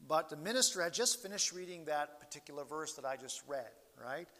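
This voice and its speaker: A man preaching a sermon as pastor, slow and earnest, his voice swelling and falling in loudness as he stresses each point. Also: on the high side, animated. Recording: long hall reverb.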